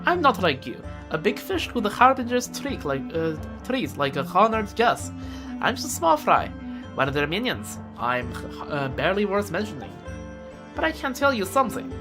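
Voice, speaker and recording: A woman voicing a humble, low-ranking minion who talks about himself with wistful self-deprecation, reading game dialogue aloud. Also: natural voice.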